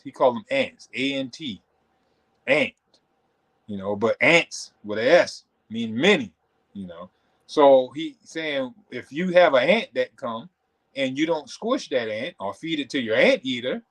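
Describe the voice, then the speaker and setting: A man hosting a livestream, talking in an animated, conversational way with many asides. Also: on the high side. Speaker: host. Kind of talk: motivational talk on a livestream.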